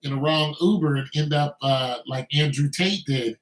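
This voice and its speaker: An army veteran from Braddock, Pennsylvania, talks in a loose, conversational commentary monologue packed with filler phrases. His voice sits on the high side at a moderate pace, captured in a reverberant, rough recording.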